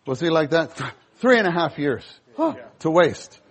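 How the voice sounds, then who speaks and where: A male preacher giving a sermon, animated, acting out scenes in voices. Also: fairly high pitch, moderate pace, breathy edge.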